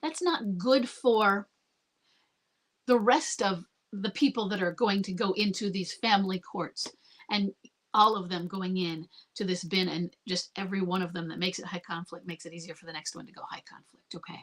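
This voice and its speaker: A middle-aged woman with a husky, slightly breathy voice answers a viewer's question in a live Q&A. She speaks calmly and earnestly and circles back to repeat her points, like a coach talking one person through a hard time. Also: medium pitch, moderate pace. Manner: calm, earnest, repeats herself. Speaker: marriage coach. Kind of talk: live Q&A advice.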